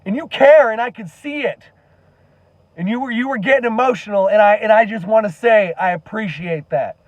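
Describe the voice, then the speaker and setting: A man's voice: high-pitched, fairly quick, no echo, dull audio. A man giving an earnest, impassioned monologue to camera as a commentary vlogger, emphatic and swearing now and then.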